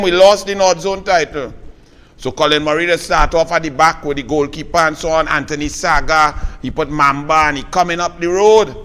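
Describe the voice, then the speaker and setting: A Trinidadian man hosts a live political talk show. He tells his stories with animated Creole flair and speaks scornfully of his rivals. His voice sits a little high for a man, and a long reverb trails behind it. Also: a little fast. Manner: animated Creole storytelling, scornful toward opponents. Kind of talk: live political commentary and storytelling.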